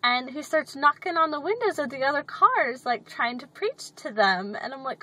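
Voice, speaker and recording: A woman's voice: high voice, lively intonation, moderate pace, few pauses, bright, forceful tone, low-quality recording. Chatty sarcastic woman vlogging from her car. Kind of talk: casual chat. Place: parked car. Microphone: phone.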